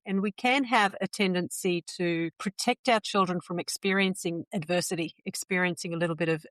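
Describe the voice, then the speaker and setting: A woman's voice: lowish voice, fairly bright tone, dry recording. A woman, a neurodevelopment specialist and podcast guest, explaining child development in a casual, advising way.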